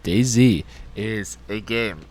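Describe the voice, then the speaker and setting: A man's voice: fairly low pitch, slow pace, darkish tone. A man chatting on a podcast in a laid-back way, explaining things plainly. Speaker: podcast co-host. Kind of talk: casual podcast chat.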